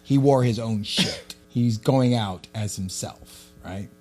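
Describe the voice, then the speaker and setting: A man, co-hosting a podcast and telling a story in casual chat. He swears freely and gets loud and animated. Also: on the low side, slow pace, soft background music. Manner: profane, animated storyteller who shouts when quoting himself. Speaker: podcast co-host.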